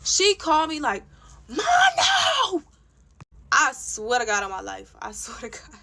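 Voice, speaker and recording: A woman's voice: on the high side, animated, moderate pace, gravelly, noisy background. A young woman vlogger telling a story in a casual rant, blunt and profane, with lots of "like" fillers. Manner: blunt, profane, heated retelling with many "like" fillers.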